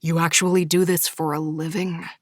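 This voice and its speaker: A woman voicing a gruff, arrogant young man who speaks curtly and scornfully, in an audiobook. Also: deep voice, little pitch movement, normal speed, dry recording, clean studio sound. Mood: disdainful. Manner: curt and scornful. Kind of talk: audiobook character voice.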